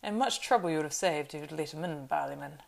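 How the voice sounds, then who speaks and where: A woman doing a grave, quiet male ranger. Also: low voice, fast, vocal fry. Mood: challenging. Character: grim, weathered male ranger, watchful and terse.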